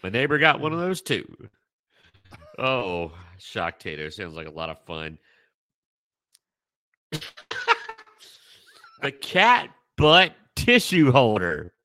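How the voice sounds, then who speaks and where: A man's voice: medium pitch, wildly swooping pitch, takes it slowly, pauses often, sharp tone, no room sound. A man co-hosting a casual podcast chat, playful and laughing often as he talks. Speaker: podcast co-host.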